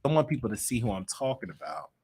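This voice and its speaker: An American man hosting a livestream commentary show, chatting with viewers and clearing his throat often. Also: mid-range voice, lively intonation, fast, a little mellow. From United States. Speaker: show host. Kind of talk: livestream commentary talking to the chat.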